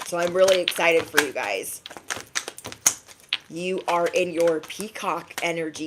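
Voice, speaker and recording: A woman giving an energetic tarot reading to her viewers, emphatic and sassy, often tagging her lines with "okay?". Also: on the low side, a little hiss or hum. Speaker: tarot reader.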